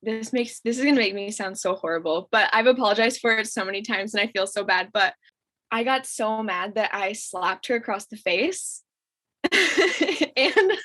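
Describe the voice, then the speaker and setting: Young woman guest, slightly high voice, giggly casual storyteller. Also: rough recording. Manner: giggly, animated, laughs often. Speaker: podcast guest.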